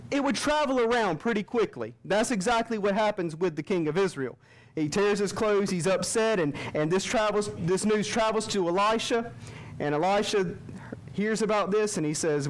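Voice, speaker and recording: A man's voice: sits high, poor audio. A man preaching a revival sermon in a church, reading scripture and acting out the quotes with frequent restarts. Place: church sanctuary.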